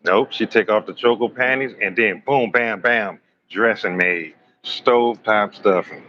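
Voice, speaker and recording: A man hosting a live astrology stream, telling raunchy comic stories in an animated, slangy way and joking with his chat. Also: lowish voice, unhurried, highs cut off, a little hiss or hum. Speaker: astrology livestream host. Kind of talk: live tarot reading with raunchy comic storytelling.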